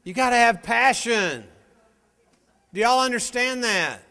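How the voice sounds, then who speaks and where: Man, motivational speaker, bright and forceful, smooth resonant voice, emphatic, long hall reverb. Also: very high-pitched, measured pace. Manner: energetic, emphatic, fires rhetorical questions at the crowd. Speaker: motivational speaker at a sales meeting. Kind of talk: motivational speech to a live audience.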